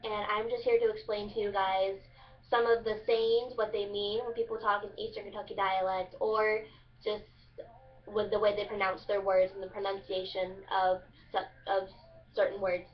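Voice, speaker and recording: A woman's voice: medium pitch, level tone, moderate pace, slight background noise. A young woman from Southern Illinois explaining a dialect for a class project, in a casual, chatty way with many fillers. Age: young adult. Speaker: student presenter. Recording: distant, muffled lo-fi recording.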